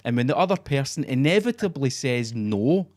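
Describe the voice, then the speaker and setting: Scottish man, forties, podcast co-host, sweary, mocking, animated chat. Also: mid-range voice, moderate pace. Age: 40s. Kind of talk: casual chat.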